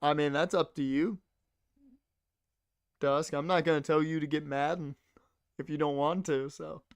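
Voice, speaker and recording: A man's voice: a little high, fairly even intonation, moderate pace, clear, resonant tone, dry recording, clean studio sound. A young man rambling casually to his chat while streaming a game. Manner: rambling, chatty, talks to chat.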